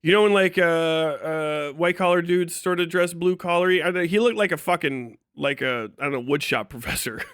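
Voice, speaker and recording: A man's voice: on the high side, moderate pace, hardly any pauses, clean tone, no room sound, clean studio sound. A man from Kentucky telling a story on his livestream, swearing freely and laughing often. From Kentucky, USA. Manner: profane, animated retelling, frequent laughs. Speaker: live streamer.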